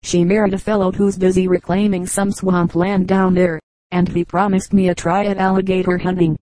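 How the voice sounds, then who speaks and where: A woman's voice: on the low side, little pitch movement, normal speed, warm tone, dry recording, natural voice. A woman reading the part of a cheerful, easygoing older teenage boy in an audiobook.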